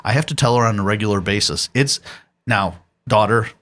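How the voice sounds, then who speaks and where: This man in his forties, who runs a church's youth ministry, speaks quickly in a lowish voice while guesting on a podcast. He shares stories and sincere parenting tips in a casual chat, chuckling frequently and keeping a steady pastoral tone.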